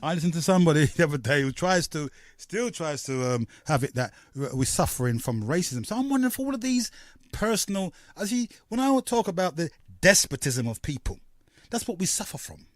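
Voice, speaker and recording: A man from hosting a call-in radio talk show, rambling and halting with many fillers. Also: on the high side, big pitch swings, dry recording, clean studio sound.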